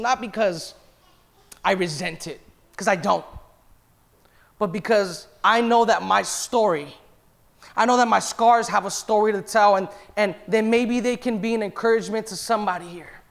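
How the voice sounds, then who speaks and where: In a church sermon, a man in his thirties who pastors gives a heartfelt, confessional account of his own life, often quoting himself and others. His high voice carries vocal fry and a fairly bright tone.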